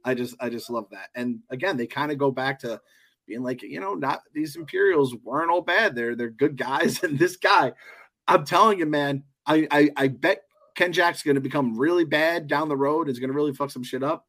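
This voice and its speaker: Animated, profane man in podcast chat. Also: fairly high pitch, moderate pace. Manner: animated, laughing, heavy swearing. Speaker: podcast host. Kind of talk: casual chat.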